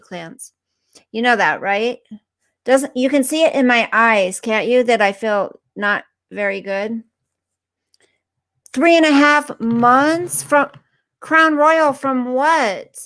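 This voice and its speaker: A woman's voice: on the high side, unhurried, fairly bright tone. A woman hosting a casual livestream, chatting with viewers by name and sounding unwell and tired. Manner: chatty, answers chat comments by name. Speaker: livestream host reading viewer comments.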